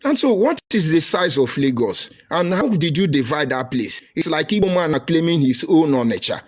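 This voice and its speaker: A man's voice: a little high, big pitch swings, normal speed. A middle-aged man with a Nigerian accent giving combative live-stream commentary, reading and answering viewer comments with rhetorical questions and insults.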